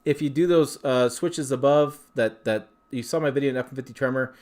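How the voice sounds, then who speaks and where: A man's voice: mid-range voice, brisk, darkish tone. A man hosting a casual livestream, reading viewer questions and answering them in a rambling, chatty way. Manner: rambling, chatty, with frequent fillers and restarts. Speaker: livestream host.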